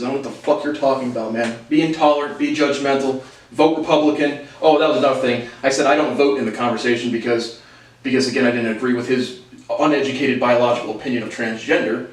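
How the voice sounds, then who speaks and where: A man's voice: medium pitch, fairly even intonation, quick pace. A man in his late twenties telling a long story in a casual, rambling and heated monologue, full of repetition and swearing. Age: late 20s. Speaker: vlogger. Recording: echoey room, mic at a distance.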